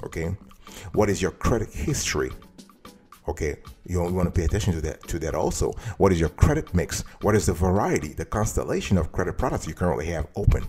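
Deep, animated man explaining credit. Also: breathy edge. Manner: emphatic, addresses viewer directly as "boss". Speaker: host giving financial advice. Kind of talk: direct-to-camera tutorial.

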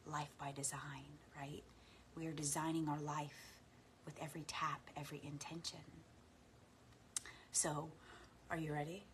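A woman coach guiding listeners through a slow, soft meditation and spoken affirmations. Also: deep voice, level tone, a little hiss or hum. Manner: laughs into her words when playful. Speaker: spiritual coach. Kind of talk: guided meditation and affirmation practice. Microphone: talking to camera.

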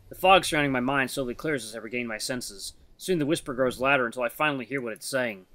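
A game streamer reading the narration of a visual novel aloud in a lowered, steady voice. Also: fast talker, no echo.

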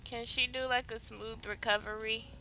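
A woman hosting a life-sim gameplay video, chatting casually and gushing excitedly to her viewers. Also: fairly high pitch, moderate pace, slight background noise. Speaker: let's play host. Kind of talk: casual gaming commentary.

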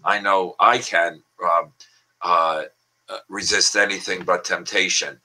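Older man with a bright, forceful voice. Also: low voice, fairly even intonation, measured pace, poor audio. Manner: chatty, with frequent filler words and pun-laden asides. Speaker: language columnist and guest. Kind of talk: casual online wordplay talk.

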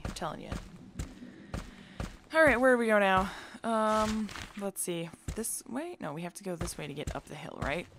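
A woman's voice: medium pitch, a bit bright, a little hiss or hum. Chatty, sing-song woman gaming. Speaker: let's play host. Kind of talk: casual gameplay commentary. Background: game music.

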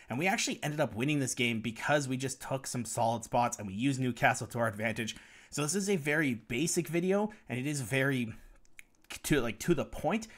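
Young man, gameplay guide commentary, explanatory, mid-pitched voice. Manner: explanatory, talks viewers through strategy. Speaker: gaming guide creator.

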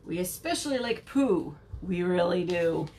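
A woman's voice: lowish voice, expressive, unhurried, a little mellow, a little hiss or hum, voice pushed down. A woman voicing a cheerful, squirmy worm storyteller in a picture book read-aloud, with a bouncy, chummy manner. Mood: playful.

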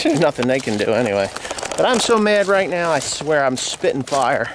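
A furious farmer with a New Jersey accent rants out in his soybean field, swearing constantly. His voice sits a little high for a man. Light outdoor noise runs faintly under the handheld recording. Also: lively intonation, fairly quick. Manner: furious, profane ranting. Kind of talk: angry vlog rant.

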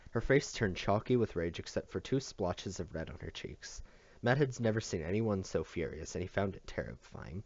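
A man's voice: sits low, animated, normal speed, darkish tone, no echo. A man reading a novel aloud in a plain manner, sometimes stumbling and correcting himself. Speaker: audiobook reader. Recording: dull dry lo-fi home recording.

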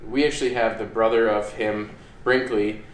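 Relaxed man explaining in an echoey room. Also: fairly low pitch, normal speed. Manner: easygoing, rambling with fillers. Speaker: dog trainer, channel host. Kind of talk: casual how-to explanation. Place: indoors at home by a hallway. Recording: echoey room, faint room noise.

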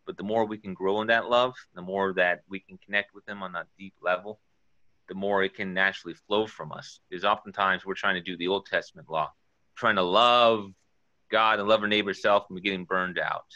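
Man, very low voice, sharp forceful tone, earnest rambling testimony, dull dry lo-fi audio. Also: fairly even intonation, brisk, no echo. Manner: rambling, earnest preaching with scripture quotes. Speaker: guest sharing testimony. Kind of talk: informal spoken testimony.

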